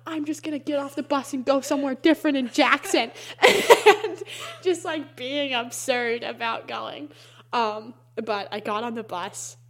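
A young woman speaks in a slightly raised voice, telling a personal story in a loose, casual way. She leans on filler words and laughs often between thoughts. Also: fairly high pitch. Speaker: interviewee.

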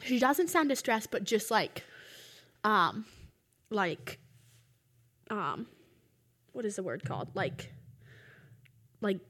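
A woman's voice: mid-range voice, big pitch swings, slow, pauses often, fairly bright tone. A young woman casually telling a long dream story, rambling and full of filler words.

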